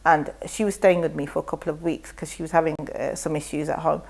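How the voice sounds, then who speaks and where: A middle-aged woman, a guest on a talk show, telling her story in a lively way and acting out what others said. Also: sits low, fast, vocal fry. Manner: animated storytelling, acts out quotes. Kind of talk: casual chat.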